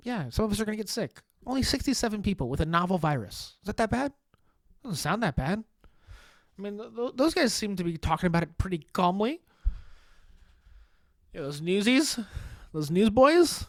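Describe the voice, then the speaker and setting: A man hosting a solo comedy podcast, rambling in a deadpan, sarcastic way with swearing and restarts. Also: sits high, normal speed, pauses often, dry recording. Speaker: podcast host.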